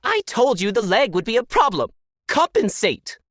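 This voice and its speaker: A man's voice: very high voice, huge pitch swings, normal speed, fairly bright tone, no echo, studio quality, voice pushed up, full character voice. A man voicing an unseen, disembodied voice running a glitching simulation, clipped and urgent. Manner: clipped, urgent technician talk. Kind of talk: audiobook character voice.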